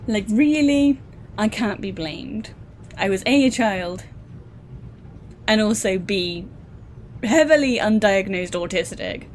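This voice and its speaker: A woman's voice: medium pitch, slight background noise. A British woman from the UK who streams games as a VTuber, chatting in a playful, joking, rambling way. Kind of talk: casual gameplay commentary.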